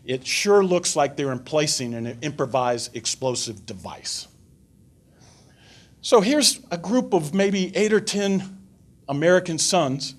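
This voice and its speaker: An older man giving a public talk at a foreign affairs forum, telling an anecdote in an animated way and taking audience questions. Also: a little high, takes it slowly. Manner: animated storyteller, voices characters in his anecdote. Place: lecture room before an audience.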